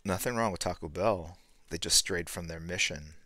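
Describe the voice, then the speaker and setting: An older man chatting casually on a live art stream, reading comments and rambling, getting loud and worked up then trailing off quietly. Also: deep voice, moderate pace, dry recording. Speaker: artist streaming while drawing.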